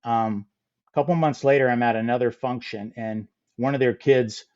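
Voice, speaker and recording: A middle-aged man telling a funny story as a podcast guest, lively and acting out the people in it. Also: medium pitch, normal speed, lo-fi sound. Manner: animated, acts out quoted voices. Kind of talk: casual storytelling.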